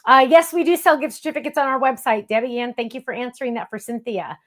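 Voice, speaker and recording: Bubbly, gushing woman with a higher voice. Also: fast, a bit bright. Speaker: craft show host. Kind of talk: casual livestream chat.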